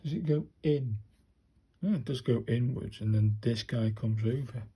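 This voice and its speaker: He guides viewers through handwriting practice in a casual, chatty talk-through, muttering to himself as he writes. His mid-range voice is mellow and husky, at a moderate pace.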